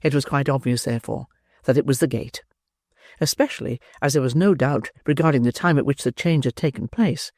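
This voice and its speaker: A man narrating an audiobook of a classic novel with a measured, expressive reading. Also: mid-range voice, dry recording, studio quality. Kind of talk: scripted narration.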